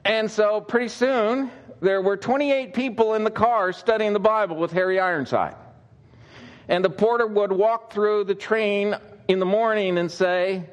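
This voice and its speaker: A male pastor delivers a sermon like a told story, relaxed and conversational. His speech is full of fillers and small restarts, and his voice sits slightly high for a man. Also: unhurried.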